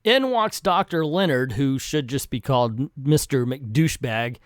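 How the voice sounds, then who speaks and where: A man's voice: mid-range voice, animated, a little slow, dry recording, clean studio sound. A man reviewing comic books in casual commentary with sarcastic asides.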